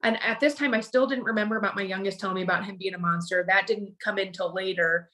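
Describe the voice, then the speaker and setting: Middle-aged woman, podcast guest, emotional and halting storytelling full of restarts. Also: mid-range voice, fairly even intonation, sharp tone. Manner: halting, with frequent restarts and repeated words.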